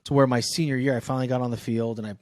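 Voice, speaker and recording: A man from Northern California, in his thirties, telling a story as a podcast guest in a loose, profane, animated way, acting out the people in it. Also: mid-range voice, rapid-fire, dry recording, clean studio sound. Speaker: podcast guest, sales coach. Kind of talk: casual storytelling in a podcast interview.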